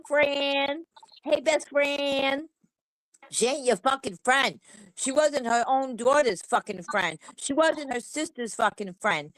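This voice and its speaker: A woman's voice: fairly high pitch, fairly bright tone, no echo, low-quality recording. A woman hosting a livestream, ranting angrily and bluntly with heavy swearing. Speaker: livestream host. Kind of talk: heated commentary rant.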